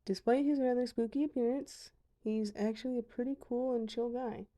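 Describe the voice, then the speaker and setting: Dark-toned young woman narrating gameplay. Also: fairly high pitch, fairly even intonation, normal speed. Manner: chatty, self-deprecating asides. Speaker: gamer showing her dragons. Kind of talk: casual voice-over narration.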